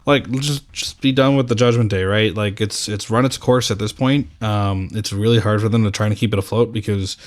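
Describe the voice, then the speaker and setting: A man's voice: lowish voice, fairly even intonation, brisk, hardly any pauses. A tired man co-hosting a wrestling podcast, chatting casually in a laid-back way with many fillers. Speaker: podcast co-host. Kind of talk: casual chat.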